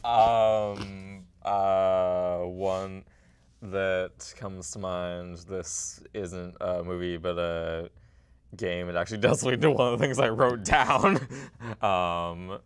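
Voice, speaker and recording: A young man on a community TV panel, talking hesitantly with many pauses and fillers. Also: deep voice, fairly even intonation, clear, resonant tone. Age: young adult. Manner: hesitant, many ums and uhs. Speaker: media intern, panelist. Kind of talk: casual panel discussion.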